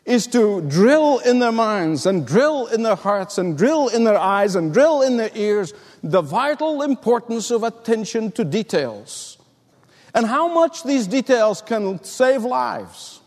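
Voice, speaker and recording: A man's voice: high voice, very animated, slow, darkish tone, long reverb tail. A middle-aged man preaching a sermon, telling stories and building emphatic repeated lines. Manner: storytelling, emphatic, repetitive build-ups. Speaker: pastor.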